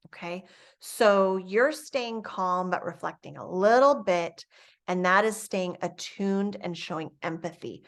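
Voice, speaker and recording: Calm woman explaining classroom coaching steps. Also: mid-range voice, measured pace. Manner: calm, explaining step by step, soft acted examples for students. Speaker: instructor. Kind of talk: instructional lecture on classroom coaching.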